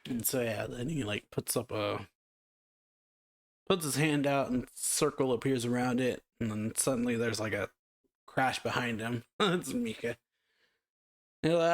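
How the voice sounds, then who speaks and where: A man's voice: medium pitch, a little slow, pauses often. Man casually recapping a comic chapter. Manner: loose, rambling retelling with many fillers; reads character lines aloud in a lightly raised voice. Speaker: manga reaction channel host.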